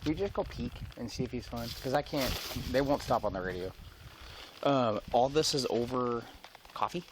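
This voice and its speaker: A woman officer with an exceptionally low voice questions a witness outdoors, keeping to calm, brief questions and short acknowledgments. Faint background noise sits under the body camera audio. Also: normal speed. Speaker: law enforcement officer. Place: outdoors by a rural road.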